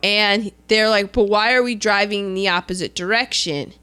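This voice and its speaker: A woman's voice: medium pitch, normal speed, clean tone. A young woman co-hosting a podcast, chatting casually as she recaps a film, laughing often and acting out the characters' lines. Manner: animated, laughs often, acts out quotes. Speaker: podcast co-host.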